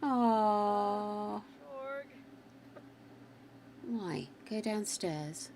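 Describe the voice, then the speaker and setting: An older woman with a faintly wobbly voice talks her way through a game on a live stream. She speaks slowly and in a middling pitch, thinking aloud and greeting her viewers by name. A faint hiss sits beneath her voice. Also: darkish tone. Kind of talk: casual live-stream chat while playing.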